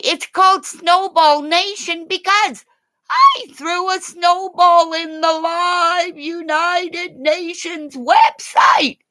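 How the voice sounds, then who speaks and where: A woman ranting in a rambling, profane livestream, swinging between low growling threats and high shouting.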